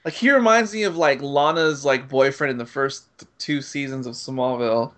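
A man's voice: mid-range voice, normal speed, a bit bright. A man casually chiming into a movie chat as a podcast guest.

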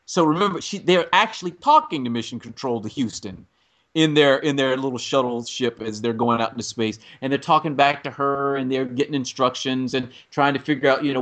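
A man's voice: medium pitch, a little fast, a bit bright. A man co-hosting a casual film chat, giving long rambling explanations of a movie's story.

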